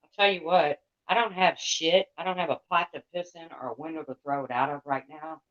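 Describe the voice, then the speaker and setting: A woman's voice: low-pitched, steady tone, fairly quick, fairly bright tone. A woman livestreamer ranting to her chat in a blunt, heated, profane way. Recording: dull lo-fi sound.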